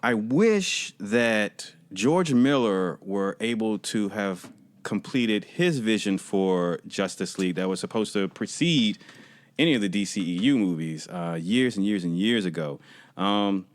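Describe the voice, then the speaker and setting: A man with a lowish voice running a casual podcast chat, nudging his co-host with quick questions. The sound is close and dry, with no room echo. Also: lively intonation. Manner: prompting, asks short follow-up questions.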